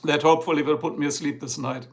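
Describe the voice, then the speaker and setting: A man with a heavy German accent speaks in a rather high voice with a gravelly rasp, and German is his native language. He rambles along in casual, joking livestream chat from home. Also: flat delivery, quick pace, a little hiss or hum. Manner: chatty, rambling, jokey. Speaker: livestream host. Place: home, Ohio.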